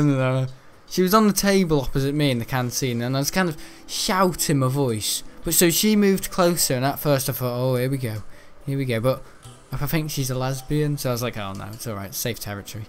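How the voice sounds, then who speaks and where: A man's voice: a little high, a little hiss or hum. A man chatting casually while streaming a game, rambling and joking and laughing often. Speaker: gaming streamer. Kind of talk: casual livestream chat while gaming.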